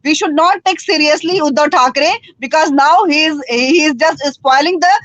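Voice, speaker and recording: A woman speaking as a panelist in a political debate over a remote call, halting and repeating words, slipping into Hindi. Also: high voice, a bit bright, no echo, muffled recording. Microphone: remote call with a poor network.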